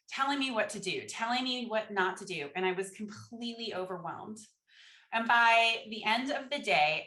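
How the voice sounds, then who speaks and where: A woman giving a conference keynote as a speaker, telling a story and acting out quoted dialogue with animated energy. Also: mid-range voice, reverberant.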